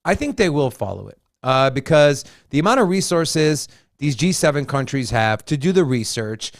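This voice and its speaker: A man's voice: mid-range voice, big pitch swings, moderate pace, no room sound, studio quality. A man co-hosting a casual crypto chat, joking and teasing as he lays out his opinions. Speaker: co-host.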